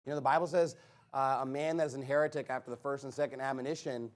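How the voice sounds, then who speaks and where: A man's voice: mid-range voice, fairly even intonation, quick pace. A man preaching a sermon, emphatic and repetitive, sometimes mimicking arguments mockingly.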